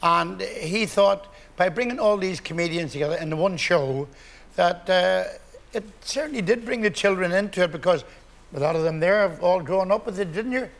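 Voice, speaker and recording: A man's voice: high-pitched, moderate pace, vocal fry. A man in his eighties, a comedian guest on a chat show, telling jokes with a chuckle. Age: 80s. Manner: jokey storyteller, chuckling. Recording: studio audience behind.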